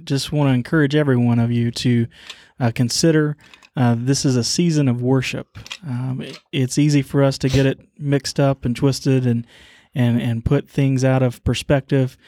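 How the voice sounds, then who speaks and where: Halting man, flat mellow voice. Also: medium pitch, no room sound, studio quality. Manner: halting, full of fillers and restarts. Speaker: podcast co-host. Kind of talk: casual closing remarks.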